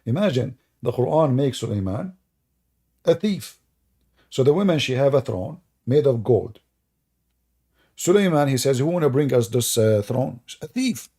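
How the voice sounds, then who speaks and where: Sarcastic guy ranting on a stream, gravelly low-key voice, keeps asking mocking questions. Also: lively intonation, normal speed, long pauses, dark tone. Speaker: online religious debate host. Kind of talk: mocking livestream commentary.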